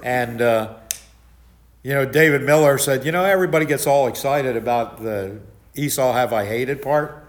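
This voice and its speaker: An older man preaching a Bible study sermon, loud and animated, telling stories with many restarts. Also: medium pitch, normal speed. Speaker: pastor.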